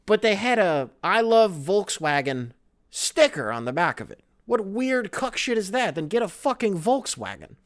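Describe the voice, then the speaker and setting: A male podcast host in his thirties with a somewhat high, lively voice that bounces all over as he rambles. The talk is casual, comic, and peppered with swearing. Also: normal speed, few pauses. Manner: animated, profane, rambling. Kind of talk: casual comedic monologue.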